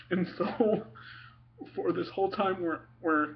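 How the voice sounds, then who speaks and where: A man's voice: sits high, vocal fry, noisy background. Young man, casual storyteller, giggles and trips over his words, muffled home-video sound. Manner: giggly, laughs through his stories; halting, many ums and restarts. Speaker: son telling family stories.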